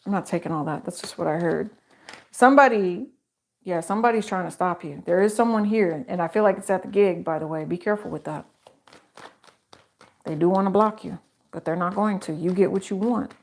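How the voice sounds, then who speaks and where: A woman's voice: lowish voice, fairly quick. A woman giving a tarot reading who talks straight to her viewers in a chatty, emphatic way, repeating phrases and tossing in rhetorical questions. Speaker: tarot reader. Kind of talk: solo tarot reading to camera.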